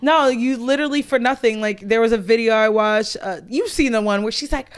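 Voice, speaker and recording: A woman co-hosting a podcast, chatting casually and telling stories in an animated way, swearing freely and laughing often. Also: on the high side, brisk, hardly any pauses, clear, resonant tone. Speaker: podcast co-host. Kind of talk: casual chat.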